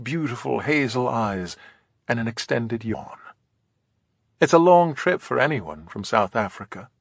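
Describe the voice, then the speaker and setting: A man narrating an audiobook in a soft, whispered storytelling way, gentle and unhurried, close to the mic. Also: mid-range voice, dry recording.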